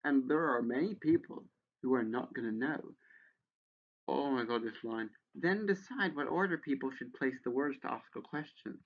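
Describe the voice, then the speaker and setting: A man's voice: mid-range voice, animated, normal speed. Exasperated man ranting, dull lo-fi mic. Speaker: video creator. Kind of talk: sarcastic commentary reading a how-to page.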